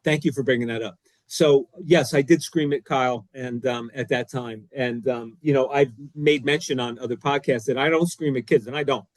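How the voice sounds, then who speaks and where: A man co-hosting a podcast, telling a story in an excitable, emphatic, self-deprecating way. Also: mid-range voice, normal speed, no room sound. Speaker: co-host, former defensive coordinator. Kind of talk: animated storytelling; casual podcast chat.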